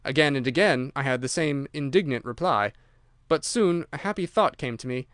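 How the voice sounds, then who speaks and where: A man narrating a short story as an audiobook in a steady, measured way. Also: medium pitch, smooth, no echo, studio quality. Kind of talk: scripted narration.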